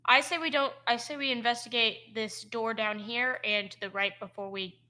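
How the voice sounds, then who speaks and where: A woman's voice: fairly high pitch, steady tone, normal speed, pushed and bright. A woman playing in a tabletop game, chatting casually and a bit hesitantly with the group. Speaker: player.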